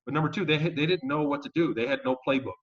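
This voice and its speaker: A man being interviewed as a guest, telling his story in a casual, animated and emphatic way and swearing now and then. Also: fairly high pitch, racing. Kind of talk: conversational storytelling. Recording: dull lo-fi audio.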